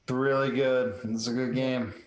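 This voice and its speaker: A man's voice: medium pitch, little pitch movement, normal speed, roomy sound. A man, a tabletop game player, chiming in with short agreeing remarks in casual chat.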